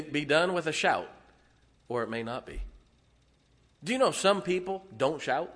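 Speaking at medium pitch, a man preaching as pastor keeps things animated, firing rhetorical questions and "amen?" at the congregation along with down-home humor.

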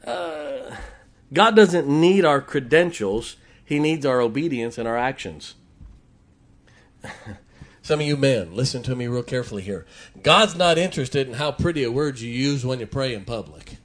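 A middle-aged preacher delivers a sermon in a church, telling homespun stories in a folksy drawl. His voice sits at an ordinary male pitch. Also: lively intonation, unhurried. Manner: folksy storytelling preacher, mimics stuttering. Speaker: pastor.

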